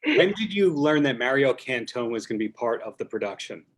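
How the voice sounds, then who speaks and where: A man's voice: medium pitch, big pitch swings, fairly quick. A man hosting a casual interview over a video call, asking jokey, chatty questions. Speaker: podcast host.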